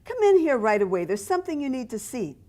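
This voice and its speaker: A woman's voice: high voice, sing-song, quick pace, mellow, voice pushed up. A woman voicing a mother who exclaims and calls out urgently. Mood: alarmed. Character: alarmed mother calling out, household matriarch.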